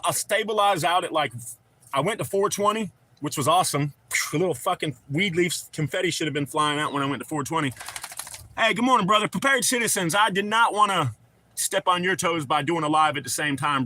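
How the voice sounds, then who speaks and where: A man's voice: on the high side, sharp tone. A man hosting a casual livestream, telling long rambling stories, swearing freely and chatting with viewers he calls brother. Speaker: livestream host. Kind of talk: casual livestream chat, reading chat aloud.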